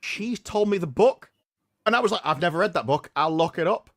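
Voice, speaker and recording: A man's voice: high voice, expressive, fairly quick, fairly bright tone, no echo, studio quality. A man co-hosting a casual livestream chat, rambling and stammering over repeated words as he tells stories.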